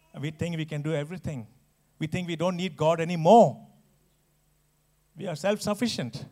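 A man preaching a sermon, earnest and emphatic, with restarts and dramatic pauses. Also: on the high side, a little mellow.

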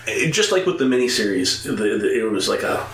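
A man's voice: lowish voice, big pitch swings, brisk, a bit bright, echoey room. A man in casual film talk, wry and joking, often laughing as he speaks.

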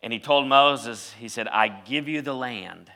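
A man preaching a sermon, telling a story and rising to loud, emphatic peaks. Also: mid-range voice, unhurried. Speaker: pastor.

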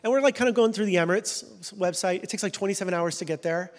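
Pastor, man, forties, slightly high voice, easy self-mocking humor, big echoing hall. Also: quick pace. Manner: conversational, self-deprecating humor. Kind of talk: sermon. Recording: long hall reverb.

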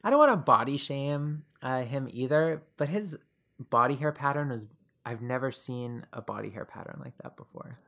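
A man in casual chat, recapping a film scene by scene. He talks loosely with lots of "like" fillers and laughs easily, at a mid pitch. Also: expressive, moderate pace, creaky, pushed and bright. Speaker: podcast co-host.

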